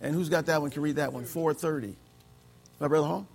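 A man's voice: a little high, a little fast, creaky, darkish tone, slightly rough. A male pastor preaching a conversational sermon to his congregation, punctuating his points with "amen" and light chuckles. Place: church service with congregation.

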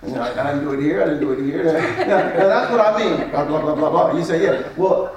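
A man's voice: on the high side, expressive, fast, hardly any pauses, crowd noise. A man preaching as a pastor, teaching on marriage and acting out both sides of an argument with repeated phrases. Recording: echoey hall, mic at a distance.

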